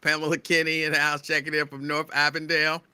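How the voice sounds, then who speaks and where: Radio host, male, excitable near-yelling delivery, very bright voice, dry close mic. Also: on the high side, quick pace, clear, resonant tone, no echo. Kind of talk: live show shout-outs to listeners.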